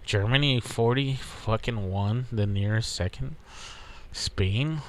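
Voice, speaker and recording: Slow-talking, profane man hosting a podcast. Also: lowish voice. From Texas. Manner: profane, rambling, laid-back. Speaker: podcast host. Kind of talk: casual solo podcast monologue.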